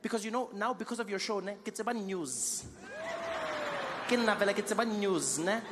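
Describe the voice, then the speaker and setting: A man voicing an excitable woman fan with a South African accent, high and gushing, mixing in local words. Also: normal speed, noisy background, close to an everyday voice. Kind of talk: stand-up impression. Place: large live comedy venue.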